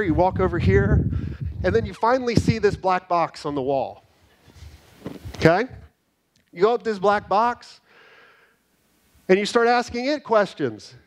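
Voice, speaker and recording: A middle-aged man giving an energetic, animated conference talk, telling stories and checking in with the crowd with "right?". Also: sits high, normal speed, pauses often. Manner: energetic, animated storytelling with frequent "right?" tags. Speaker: conference speaker. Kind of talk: keynote talk to a live audience. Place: conference hall.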